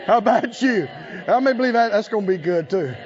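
A man's voice: high voice, animated, fast talker. A man preaching a sermon with emphatic calls for the congregation to answer back. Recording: slightly muffled recording.

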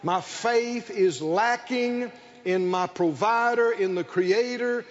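An older man preaching a sermon, calling for responses from the congregation and building to shouted emphasis on a dull lo-fi recording. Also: sits high, slow. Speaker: pastor.

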